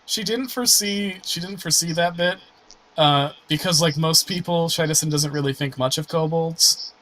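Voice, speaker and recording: A man's voice: a little high, moderate pace, a bit bright, low-quality recording. A man who is the game master, chatting casually about a tabletop session and explaining his characters. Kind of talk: casual post-session chat.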